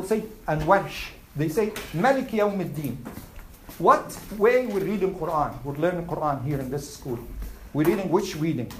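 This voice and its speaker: A woman teaching a Quran class, asking her students questions and reciting Arabic verses quickly. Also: fairly low pitch, darkish tone, slight background noise, poor audio. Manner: asks the class questions and answers them. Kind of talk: classroom lesson.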